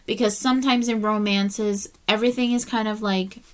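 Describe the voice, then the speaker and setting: A woman's voice: medium pitch, steady tone, moderate pace. A woman reviewing books in a casual vlog, chatty and heartfelt, tired and yawning as she rambles. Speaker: book reviewer.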